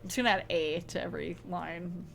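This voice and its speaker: A woman's voice: lowish voice, moderate pace, gravelly, music in the background. A woman streamer giving playful, self-deprecating commentary while playing a story game. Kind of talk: casual gameplay commentary.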